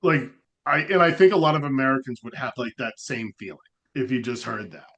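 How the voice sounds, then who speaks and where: A man with a mid-range voice talks briskly as a podcast co-host. The chat is casual and rambling, lively, and scattered with "like" and other fillers.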